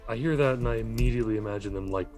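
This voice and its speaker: A man's voice: fairly low pitch, racing, a little mellow, faint music behind. A man playing in a tabletop game, making playful joking asides. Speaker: player. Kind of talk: casual chat.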